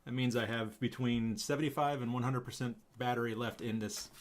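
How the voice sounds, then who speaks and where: A man's voice: mid-range voice, brisk, slight background noise. Chatty male live-stream host. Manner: relaxed, chatty, laughs often. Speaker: channel host. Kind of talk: casual live-stream chat.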